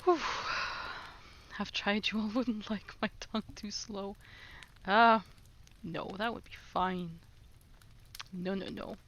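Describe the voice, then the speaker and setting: Woman streamer, Norwegian native, laughs easily, chats with viewers at a relaxed, slow pace. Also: medium pitch, lo-fi sound, slight background noise. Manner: giggly, self-mocking, chats with viewers. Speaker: livestreamer. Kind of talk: casual livestream chat while playing a language app.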